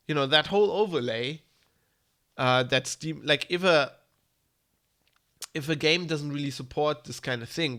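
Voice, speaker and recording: A man's voice: medium pitch, sharp tone. A man with a German accent, congested from hay fever, giving a rambling, blunt tech news commentary on a live stream. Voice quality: gravelly. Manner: rambling, blunt, with frequent ums and restarts.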